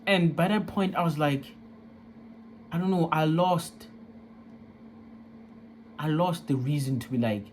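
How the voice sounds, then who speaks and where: A man's voice: on the high side, takes it slowly, pauses often, a little hiss or hum. A young man candidly telling a personal story, emotional and profane, in casual street slang.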